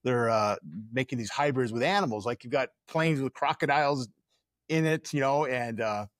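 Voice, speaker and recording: A man's voice: mid-range voice, normal speed, no echo, studio quality. Rambling man hosting a podcast. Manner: rambling, many filler words and restarts. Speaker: podcast host. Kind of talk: casual podcast chat. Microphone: studio microphone.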